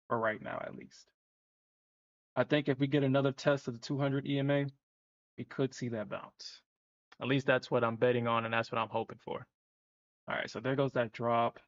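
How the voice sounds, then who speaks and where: A man hosting a live trading stream, chatting casually, swearing and laughing as he talks. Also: medium pitch. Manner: animated, swearing, laughing often. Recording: dull lo-fi stream audio.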